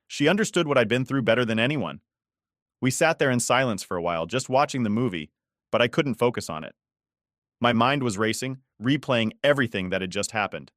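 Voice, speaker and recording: A man's voice: mid-range voice, fairly bright tone, no room sound, clean studio sound. A man in his forties narrating a first-person story in a weary, resentful way.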